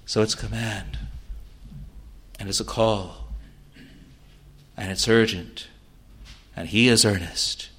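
Earnest low-voiced male preacher. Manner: earnest, swells loud on key words then drops soft. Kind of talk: sermon.

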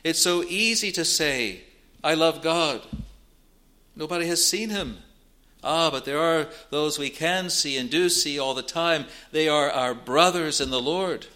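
A man preaching a sermon in a measured, deliberate way, reading out old-style scripture verses and explaining them. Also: a little high, pushed and bright.

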